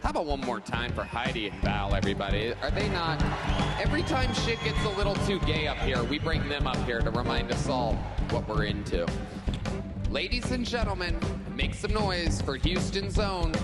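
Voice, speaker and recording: A man's voice: on the high side, very animated, moderate pace. A man hosting a live comedy show, brash and joking as he introduces acts. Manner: brash, joking announcer delivery. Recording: live room with crowd and music.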